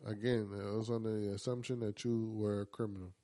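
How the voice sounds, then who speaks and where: A man's voice: fairly low pitch, little pitch movement, warm tone, no echo. A man with a New Orleans accent, co-hosting a podcast, chatting casually in an earnest, agreeable way. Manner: agreeable, backs up the other host, slow and earnest. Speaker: podcast co-host. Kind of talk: casual chat.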